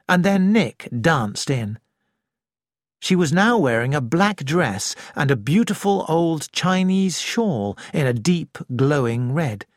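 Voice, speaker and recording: Slow calm audiobook reader, lots of melody, dry close sound. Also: mid-range voice, no room sound. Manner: calm, measured, expressive. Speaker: audiobook narrator. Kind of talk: scripted audiobook narration.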